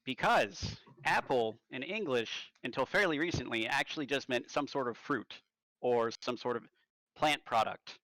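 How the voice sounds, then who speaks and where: A player at a tabletop game chats casually, rambling, joking and slipping into nerdy tangents. His mid-range voice moves at normal speed, bright and forceful. The recording is dry and rough.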